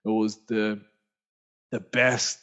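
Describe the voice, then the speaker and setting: A lowish, clear and resonant voice belongs to an Australian podcast guest, an author and speaker, who takes his time telling a story. He's casual, animated and slangy, rambling with frequent restarts. The audio is dull, lo-fi podcast quality.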